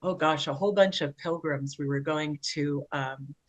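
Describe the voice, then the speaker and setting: A woman co-hosting a podcast, telling long rambling stories in casual conversation with animated asides. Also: low-pitched, normal speed, rough recording. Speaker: podcast co-host.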